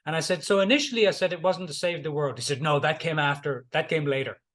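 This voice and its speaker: Middle-aged man, life coach, motivational talk, slightly high voice, repeats points for emphasis. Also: fast, fairly bright tone. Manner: storytelling, repeats key lines for emphasis.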